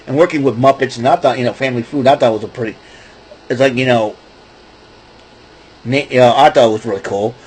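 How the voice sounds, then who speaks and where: A middle-aged man hosts his own podcast, chatting casually in a mid-range, slightly mellow voice with a breathy edge. He talks a little fast but pauses often, rambling, restarting, laughing, and slipping into goofy voices, all on a low-quality recording.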